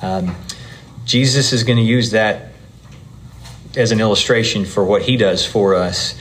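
A man's voice: fairly low pitch, a little slow, fairly bright tone, a little hiss or hum. A man preaching to a congregation, explaining scripture in a conversational way with frequent asides. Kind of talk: Bible teaching to a congregation.

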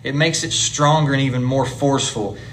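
A man teaches a Bible lesson in a church classroom, chatting easily with his class and explaining things step by step. His mid-range voice holds a steady tone and moves a little fast, with a faint room hum in the background.

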